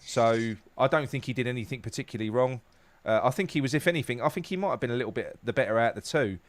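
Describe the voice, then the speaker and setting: A man's voice: medium pitch, fast talker, no echo. A man hosting a casual football chat, stumbling over repeated words as he leads the discussion. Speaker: podcast host.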